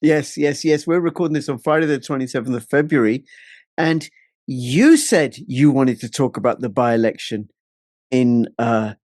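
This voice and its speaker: A man's voice: medium pitch, normal speed, darkish tone, no room sound. English man, host of a casual politics chat, friendly conversational delivery, dry close sound. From England. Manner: chatty, laughs easily, plain conversational delivery.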